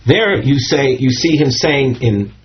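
A man's voice: mid-range voice, animated, slow pace, slightly rough. A man giving a Talmud lesson, reading Hebrew and Aramaic phrases and explaining them, with fillers and restarts. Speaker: Talmud teacher. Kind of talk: Talmud class lecture. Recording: dull lo-fi recording.

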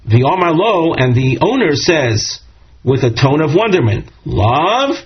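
A man with a fairly high, breathy voice teaches a Talmud class at a moderate pace, very animated. He reads Hebrew and Aramaic phrases and explains them, with fillers and restarts along the way. The lo-fi recording sounds dull.

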